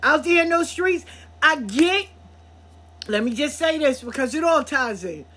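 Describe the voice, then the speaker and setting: A woman hosting a podcast, telling a story in a blunt, profane, animated way. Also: sits high, measured pace. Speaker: podcast host. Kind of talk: casual storytelling monologue.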